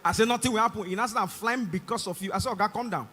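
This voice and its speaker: Stand-up comic, Nigerian man, Nigerian accent, high-pitched and piercingly bright, live mic with faint hum. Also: racing, in a large hall. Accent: Nigerian English. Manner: acts out both sides of the dialogue, rising to shouts. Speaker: stand-up comedian. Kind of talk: stand-up comedy. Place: large concert stage.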